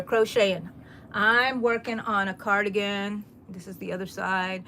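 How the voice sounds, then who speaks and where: A woman's voice: medium pitch, steady tone, a little slow, sharp tone, slight background noise. A middle-aged woman hosting a casual crochet live stream, chatting, reading viewer comments aloud and laughing often. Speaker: crochet livestream host.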